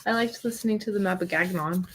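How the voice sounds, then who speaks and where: A woman's voice: fairly low pitch, fast, slight background noise. Easygoing woman co-hosting a stream. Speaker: co-host of a live art stream. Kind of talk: casual chat while making art.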